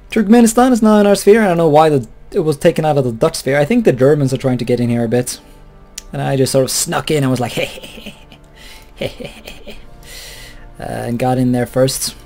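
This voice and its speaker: A man's voice: fairly high pitch, a little mellow. A man giving casual, rambling commentary over a strategy game, chuckling and swearing offhandedly. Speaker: let's play host.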